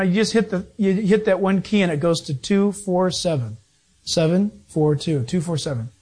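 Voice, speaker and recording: A man preaching a sermon as pastor, emphatic and animated, with sudden shifts in pace. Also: sits high.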